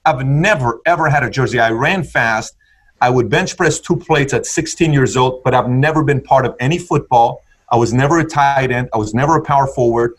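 A man's voice: medium pitch, brisk. A man telling his story in conversation with an intense, punchy motivational delivery. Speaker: guest entrepreneur.

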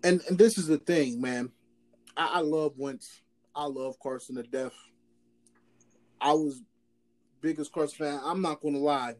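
A man's voice: on the high side, a little slow, long pauses. Emphatic man, stammering sports fan. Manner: emphatic and repetitive, stammers at starts. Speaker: podcast co-host. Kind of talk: casual sports chat.

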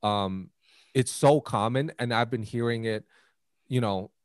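Animated young man. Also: unhurried, no echo, clean studio sound. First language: Mandarin. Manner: animated, profane, jokey, rises sharply in pitch when worked up. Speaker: podcast co-host. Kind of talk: casual podcast chat.

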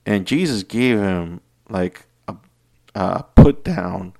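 Low-voiced man ranting with heavy profanity. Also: lively intonation, takes it slowly, creaky. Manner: profane, heated, swings from shouting to muttering. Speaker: podcast host. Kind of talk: unscripted ranting monologue.

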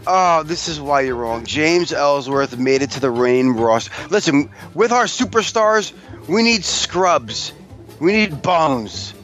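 A man's voice: on the high side, animated, slow pace, a bit bright, faint music behind. A man co-hosting a podcast in casual chat, teasing and sarcastic. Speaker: podcast co-host.

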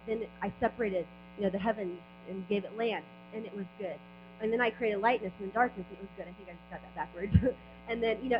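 A woman at a church service sharing an earnest, rambling testimony, repeating and stumbling over her words. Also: medium pitch. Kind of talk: spontaneous testimony. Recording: dull sound with a clear mains hum.

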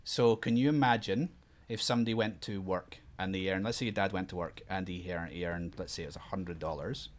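A man with a fairly low voice, talking things through in a casual, halting way. He restarts often as he explains simple ideas to a young listener. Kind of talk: casual explaining chat with a child.

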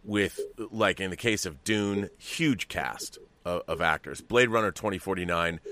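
A man's voice: low-pitched, a little slow, sharp tone, dry recording. A man hosting an interview podcast, asking curious questions and searching for his words as he goes. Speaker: podcast host.

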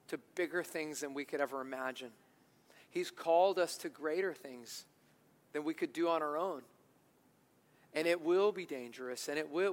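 A male pastor giving an animated sermon in a church, building to loud, emphatic bursts. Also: on the high side, in a large hall.

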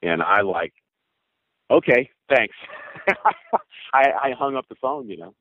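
A man in his sixties, a former baseball pitcher, telling long rambling stories in an interview and acting out old conversations. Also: expressive, moderate pace, slight background noise. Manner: rambling, with many fillers and acted quotes. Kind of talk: storytelling interview answers. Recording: tinny phone-line sound.

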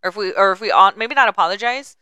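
A woman's voice: mid-range voice, quick pace, bright, forceful tone, clean tone, no room sound. A woman in her forties co-hosting a podcast, talking candidly in casual chat and swearing freely. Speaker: podcast co-host.

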